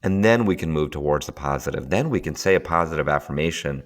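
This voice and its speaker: Very low-voiced man, animated talk. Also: fast talker. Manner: animated, laughs often, acts out voices in his stories. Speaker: guest. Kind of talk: casual conversation.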